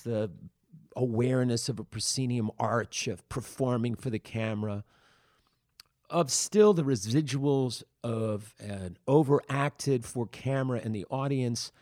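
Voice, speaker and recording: A man's voice: medium pitch, a little mellow, dry recording, clean studio sound. A man, an acting teacher, giving a conversational lecture on the history of acting and often saying "you see". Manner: acts out short quoted lines.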